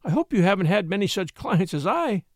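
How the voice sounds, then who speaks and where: A man reading an audiobook, voicing a spirited, excitable young woman who gushes and teases sweetly. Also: sits high, fairly quick, no echo, clean studio sound, heavily acted. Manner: breathless, gushing, sweetly teasing.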